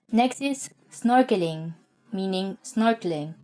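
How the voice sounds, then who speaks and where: A young woman with a Filipino accent, teaching vocabulary in a relaxed, chatty way, often saying "like". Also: fairly low pitch, unhurried. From Philippines. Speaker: language teacher. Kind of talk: casual vocabulary lesson.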